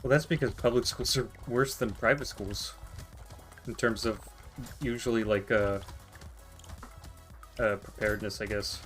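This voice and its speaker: A man's voice: lowish voice, steady tone, unhurried, long pauses, a bit bright, soft background music. A teenage boy playing a game with a friend, chatting casually with lots of hesitations and teasing. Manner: hesitant, filler-heavy, teasing. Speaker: co-player. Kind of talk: casual chat while gaming.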